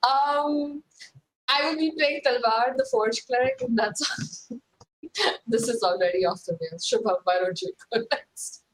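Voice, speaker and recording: Chatty, giggly woman with a higher voice. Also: sing-song, a little slow, rough recording. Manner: giggly, chatty, self-mocking. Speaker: player. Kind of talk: casual chat on a game stream.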